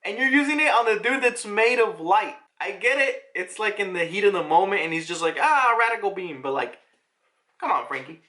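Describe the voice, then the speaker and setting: A chatty man runs through a manga chapter, excitable and quick to laugh. His voice sits high and bright, with a sharp, forceful edge. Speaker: manga reviewer. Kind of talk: casual chapter review.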